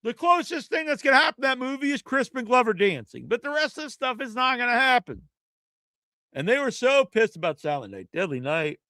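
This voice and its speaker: A man's voice: very high voice, big pitch swings, fairly quick, sharp tone, dry recording. A man hosting a podcast, ranting in a casual, rambling and profane way. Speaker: podcast host. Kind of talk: casual rant.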